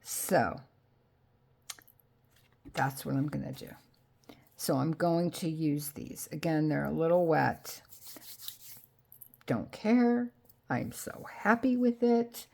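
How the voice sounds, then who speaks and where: Craft vlogger lady, low gravelly voice, talks slow, gets all excited, says sorry a lot. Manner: gushing, excitable, talks to viewers while handling crafts; self-deprecating, apologetic asides. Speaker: crafting channel host. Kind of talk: casual crafting vlog chat.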